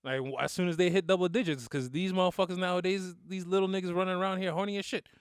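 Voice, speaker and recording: A man's voice: high-pitched, fairly even intonation, fast talker, clear, resonant tone, no echo, studio quality. A man in his thirties co-hosting a podcast, chatting loosely with joking slang banter. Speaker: podcast co-host. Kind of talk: casual chat.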